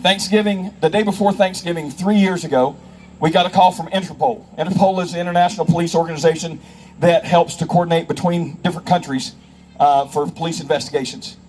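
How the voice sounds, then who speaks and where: A man with a notably high voice delivers a speech to a live audience as a federal investigator. He tells emphatic stories and acts out the people in them. A faint hum of ambience sits under his voice. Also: steady tone, a little fast, darkish tone, poor audio. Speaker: federal investigator speaking on child safety.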